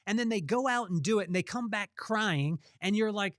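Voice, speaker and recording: A man's voice: high-pitched, normal speed, hardly any pauses, a bit bright, no room sound, clean studio sound. A man hosting a podcast, giving a faith-based motivational talk in a conversational way and repeating phrases for emphasis. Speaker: podcast host.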